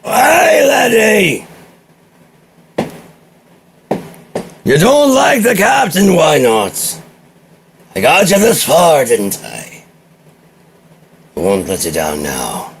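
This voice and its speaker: A man's voice: fairly high pitch, wildly swooping pitch, slow pace, gravelly, long pauses, slight background noise, voice pushed up, exaggerated voice. A man voicing a pompous, blustering old sea captain who bellows at his crew. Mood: bellowing. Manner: loud, bellowing, theatrical.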